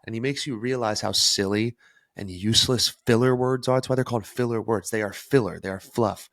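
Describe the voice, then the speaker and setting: A man's voice: medium pitch, steady tone, brisk, fairly bright tone, no echo, clean studio sound. A young man hosting a solo podcast, talking energetically and emphatically about self-improvement. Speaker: podcast host.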